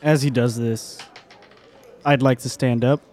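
A man's voice: medium pitch, steady tone, measured pace, darkish tone. A man playing a tabletop game, describing his moves plainly. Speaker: player. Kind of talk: casual tabletop game play.

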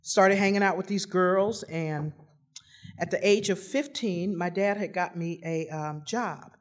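A woman's voice: on the low side, unhurried. A woman telling a humorous personal story, rambling with lots of fillers and restarts, poking fun at herself. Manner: rambling, many fillers and restarts, self-mocking. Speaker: storyteller giving a personal testimony.

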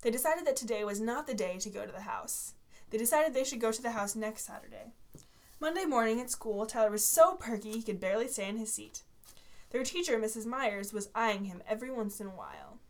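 A woman's voice: fairly high pitch, sing-song, a little fast. Giggly woman reading a story aloud. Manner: giggly, reads with asides and corrections.

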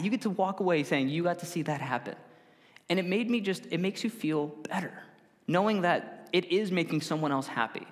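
A man's voice: high-pitched, lively intonation, brisk. A man preaching a casual, conversational sermon to a congregation, often correcting himself and acting out what people said. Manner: conversational with self-corrections and acted-out quotes. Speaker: pastor. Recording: long hall reverb.

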